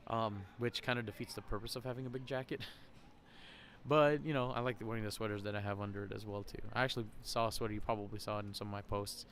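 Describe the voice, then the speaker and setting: Chatty low-voiced man rambling outdoors. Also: fairly even intonation, quick pace, fairly bright tone, a little hiss or hum. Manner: rambling, chatty, laughs often. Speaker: podcast host. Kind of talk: casual vlog monologue. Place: outdoor shopping center. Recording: faint crowd ambience outdoors.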